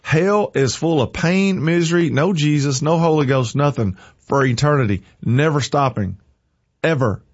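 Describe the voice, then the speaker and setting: A man's voice: a little high, moderate pace, breathy edge, no room sound, highs cut off. A man hosting a morning show, chatting folksy and then preaching with energy. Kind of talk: casual chat turning to preaching.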